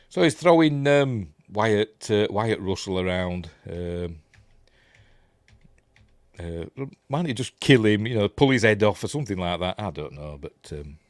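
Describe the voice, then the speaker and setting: A man's voice: fairly low pitch, dry recording. A middle-aged man with a Yorkshire accent, talking casually through a film scene by scene with lots of ums and dry, wry jokes. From Yorkshire, England. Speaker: film review host. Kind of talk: casual film commentary over footage.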